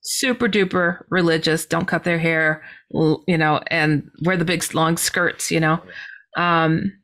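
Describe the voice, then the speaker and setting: Animated woman telling a story. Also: sits low, a little slow. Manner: animated, lots of "you know" fillers. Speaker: guest. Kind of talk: storytelling in a podcast interview.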